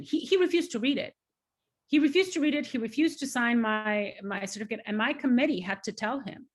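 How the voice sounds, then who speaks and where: A woman in her forties speaks as an interview guest, recounting her working life. Her delivery is emphatic and grows animated when she is excited. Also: fairly high pitch, brisk. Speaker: guest scientist. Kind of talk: conversational interview storytelling.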